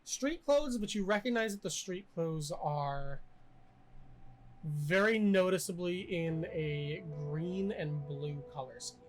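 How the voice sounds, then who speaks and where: A young man narrating as game master in a tabletop game, casual and halting with many fillers. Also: high-pitched, expressive, poor audio.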